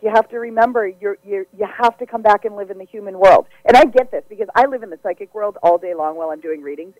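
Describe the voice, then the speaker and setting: A woman's voice: on the high side, darkish tone, no room sound. Casting: chatty woman psychic medium on a radio call-in, effusive and giggly, close dry studio mic, slightly muffled broadcast sound. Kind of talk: casual live radio readings.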